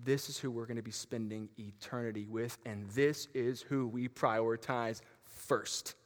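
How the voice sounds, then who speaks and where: A man's voice: mid-range voice, measured pace. A man preaching a sermon in a church gym, telling a story with lots of fillers and restarts. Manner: animated, with frequent fillers and restarts. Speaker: pastor. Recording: long hall reverb.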